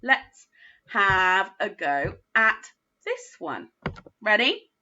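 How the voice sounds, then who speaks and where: Woman teacher, phonics lesson for kids, slow and patient, bright voice, dull lo-fi sound. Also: mid-range voice, sing-song. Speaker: primary school teacher. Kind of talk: recorded phonics lesson for young children.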